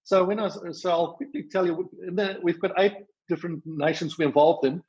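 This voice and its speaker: A man with a South African accent, explaining his charity's rescue work in a podcast interview, talking fast with many fillers and restarts. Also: high voice, fairly even intonation, a little mellow, muffled recording. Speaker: charity worker.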